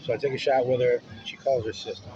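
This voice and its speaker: A male vlogger speaks fast in a steady, mid-range tone, sharing a personal story frankly and casually with lots of swearing. Noisy street sound comes through the muffled recording.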